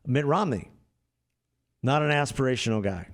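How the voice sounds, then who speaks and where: A man's voice: medium pitch, expressive, normal speed. A man co-hosting a casual political talk show, blunt and emphatic, often repeating words as he starts a point. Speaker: podcast co-host.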